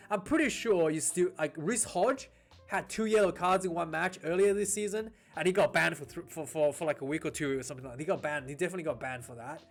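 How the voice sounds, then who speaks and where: A man hosting a casual rugby news vlog, rambling, with frequent restarts and repeated words. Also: a little high.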